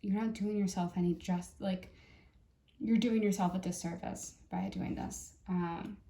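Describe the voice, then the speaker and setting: A woman giving a casual tarot reading in a chatty, halting way, full of fillers and restarts. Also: fairly low pitch, fairly even intonation, mellow, reverberant. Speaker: tarot reader.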